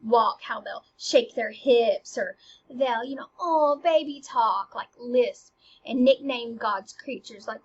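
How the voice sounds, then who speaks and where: A woman explains a play in a casual, animated way, moving between emphatic and hushed moments. Her voice is husky and a little high. The recording sounds dull and lo-fi. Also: unhurried.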